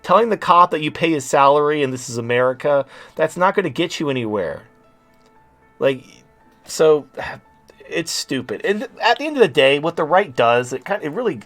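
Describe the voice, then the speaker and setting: A man's voice: on the high side, fairly bright tone. A man in his late thirties hosting a talk show, ranting in a blunt, sarcastic and profane way. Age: late 30s. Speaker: podcast host. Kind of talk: casual talk-show rant.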